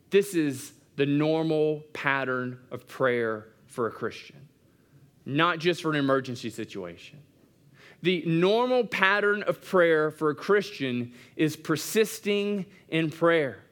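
During a church service, a male pastor preaches in a conversational way, repeating phrases for emphasis. His voice sits high and has a fairly bright tone.

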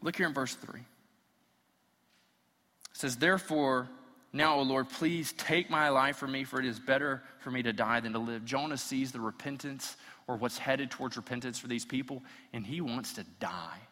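A man's voice: medium pitch, moderate pace, pushed and bright, in a large hall. A man preaching a sermon, reading scripture aloud and acting out the quotes as his intensity builds. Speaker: pastor.

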